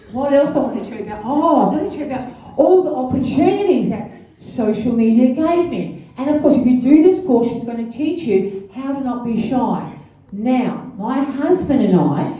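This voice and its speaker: A woman's voice: fairly high pitch, warm tone. An older woman giving a rambling, chatty speech to an audience at a launch event, laughing between asides. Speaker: guest speaker at a launch event. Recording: echoey room from far off.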